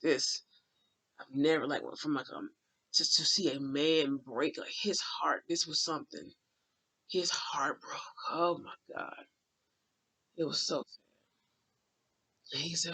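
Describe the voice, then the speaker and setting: A man recounting a vivid dream in casual, rambling speech, emotional and full of fillers, sometimes dropping to a hushed aside. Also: fairly high pitch, steady tone, slow, long pauses, husky. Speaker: dream channeler.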